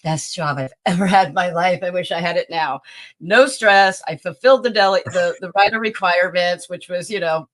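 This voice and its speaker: Animated older woman telling stories. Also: lowish voice, brisk. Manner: animated storyteller who acts out the people in her stories. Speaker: talent agency founder, podcast guest. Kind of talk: anecdotal interview storytelling.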